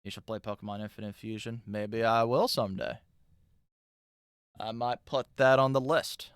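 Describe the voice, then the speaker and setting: A man's voice: medium pitch, steady tone, normal speed, smooth, no room sound, studio quality. A man in his thirties hosting a live stream, chatting loosely and reacting with profane asides. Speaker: streamer host.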